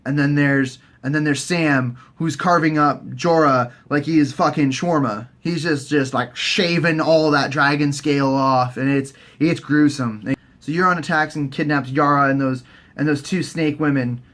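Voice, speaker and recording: A man giving a profane, excitable casual recap as a vlogger. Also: a little high, normal speed. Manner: excitable, sweary, animated.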